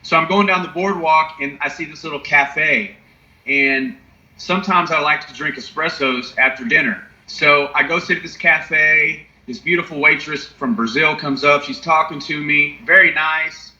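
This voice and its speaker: A man's voice: a little high, moderate pace, pushed and bright. A young man telling a personal recovery story in casual, profane chat, often asking "you know what I mean?". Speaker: podcast co-host. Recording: echoey, dull lo-fi sound.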